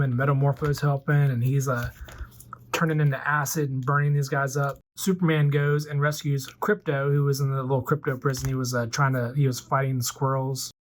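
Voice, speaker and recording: A man's voice: medium pitch, slight background noise. A man in his forties casually retelling a movie plot as a toy collector vlogger, rambling loosely with lots of fillers. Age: 40s.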